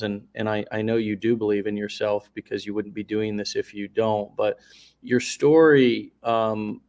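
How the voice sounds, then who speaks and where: A man's voice: lowish voice, darkish tone. A man hosting a live interview show, talking effusively and rambling through long questions. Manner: effusive, rambling, many restarts and fillers. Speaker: host.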